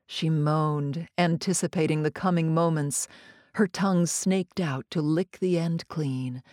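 A woman's voice: sits low, fairly even intonation, darkish tone, dry recording. Dry, close woman narrator with playful pacing. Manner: playful, savoring, teasing pauses. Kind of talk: scripted audiobook narration.

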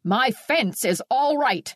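A blustering, irate middle-aged farmer, as a woman reader puts him on in an audiobook, sputtering out old-fashioned scolding with a lively, swooping delivery. The sound is dry and close. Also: medium pitch, moderate pace, no room sound, lightly acted. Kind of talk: audiobook character reading.

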